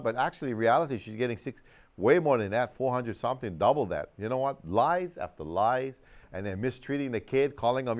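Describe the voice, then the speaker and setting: A man preaching a televised sermon as minister and host, emphatic and impassioned, his pitch and loudness swinging widely. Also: lively intonation, fairly quick.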